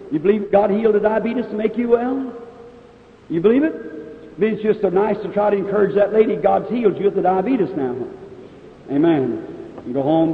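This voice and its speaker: High-voiced guy preaching at a healing revival, long hall echo, sounds like a thin old phone-quality tape. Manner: addresses audience members directly, calls out ailments. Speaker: evangelist preacher. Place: large meeting hall. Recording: echoey hall on a tinny old 1950s tape.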